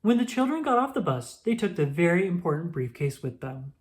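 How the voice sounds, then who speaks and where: A woman reading a children's picture book aloud, expressive and slow. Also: fairly low pitch. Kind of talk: storybook read-aloud.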